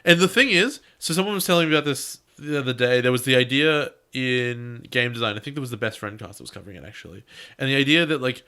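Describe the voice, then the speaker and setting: A man's voice: medium pitch, expressive, quick pace, pushed and bright, clean tone. A man co-hosting a podcast in casual chat, sarcastic and joking. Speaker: podcast co-host.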